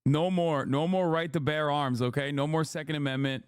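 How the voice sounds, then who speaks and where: A man's voice: fairly high pitch, steady tone, moderate pace, clear, resonant tone, no room sound, studio quality. A man hosting a live stream, reacting to news in a casual, profane, wry way. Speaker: streamer host.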